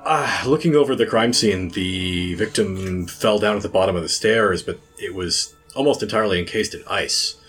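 Man, very low voice, measured, dry, tabletop player, faint music behind. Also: fairly bright tone, breathy edge. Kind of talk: tabletop role-play.

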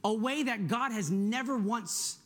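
Upbeat high-voiced male pastor. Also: a little slow. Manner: energetic, conversational, asks the congregation "right?". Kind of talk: sermon.

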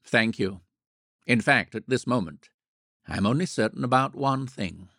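A man's voice: mid-range voice, lively intonation, measured pace, sharp tone, dry recording, clean studio sound, heavily acted. A man playing an earnest, wry young painter. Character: earnest young male painter, wryly self-mocking.

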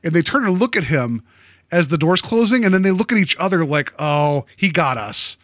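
A man's voice: sits high, no echo, studio quality. A man co-hosting a podcast, animatedly discussing a TV episode and laughing as he talks. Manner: animated, slips into quick impressions, laughs. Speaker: podcast co-host.

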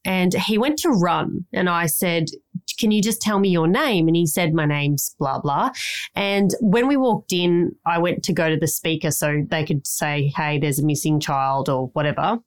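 Australian woman, chatty podcast host, rambling storyteller, voice on the low side. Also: normal speed. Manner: rambling storytelling, swears casually. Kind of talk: casual chat.

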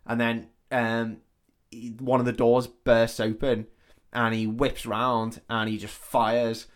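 A man talks through a film plot in a loose, rambling way, swearing freely and slipping into the characters' lines. His pitch stays flat and level throughout. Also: slow pace, smooth. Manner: sweary, rambling retelling with quoted dialogue. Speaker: podcast co-host. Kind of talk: casual film recap chat.

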